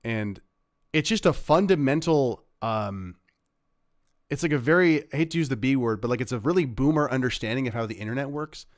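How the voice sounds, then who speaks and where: A man's voice: medium pitch, animated, brisk, no echo, studio quality. A man hosting a livestream, giving casual, sarcastic commentary on clips he plays, rambling with fillers. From Canada. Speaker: livestream host reacting to clips.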